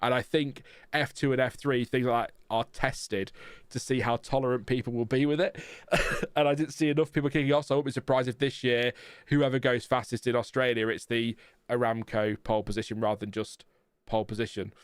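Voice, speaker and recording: A man's voice: mid-range voice, steady tone, brisk, clear, resonant tone, no echo. A man hosting a live motorsport watchalong stream, chatting casually and then reeling off lap times. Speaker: livestream host.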